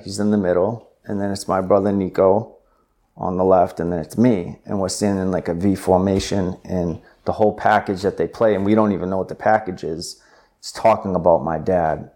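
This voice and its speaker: A man's voice: on the low side, warm tone. A young man, an interview guest, telling his story in a rambling way, full of fillers and restarts. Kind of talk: storytelling in conversation.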